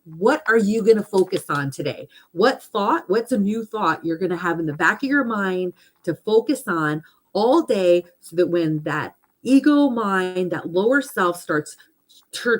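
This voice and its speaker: A woman's voice: mid-range voice, poor audio. A middle-aged woman chatting casually and animatedly about affirmations and self-love, with lots of fillers. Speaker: host, hypnotherapist.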